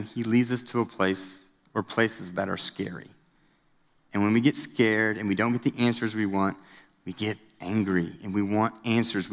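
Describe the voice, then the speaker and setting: A man in his thirties, a student pastor, preaching a storytelling sermon in a conversational, animated way. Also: on the low side, big-room sound. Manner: conversational and animated, with casual fillers. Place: church sanctuary.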